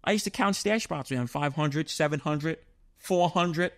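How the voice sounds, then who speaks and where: A middle-aged man with a New York accent, telling stories as an interview guest, animated and swearing often. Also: fairly high pitch, moderate pace. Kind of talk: casual storytelling.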